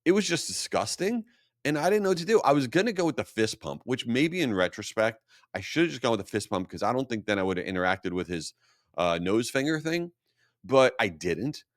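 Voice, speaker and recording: A man hosting a solo marketing podcast, talking casually and telling stories with a self-mocking, animated manner. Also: medium pitch, a little fast, no echo, studio quality. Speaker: podcast host.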